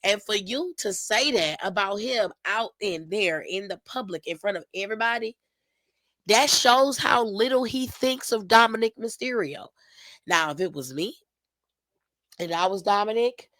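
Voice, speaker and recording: A woman's voice: mid-range voice, fairly bright tone, no room sound, rough recording. A woman hosting her own wrestling recap show, talking sassy and gossipy in a slangy way with lots of asides to her viewers. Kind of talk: casual recap commentary to camera.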